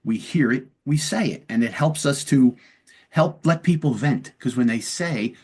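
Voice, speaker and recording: A man's voice: medium pitch, animated, a little slow, a little mellow, husky. Conversational male interview host. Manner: conversational, acts out dialogue examples. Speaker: podcast host and police lieutenant. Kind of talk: long-form interview, explaining de-escalation.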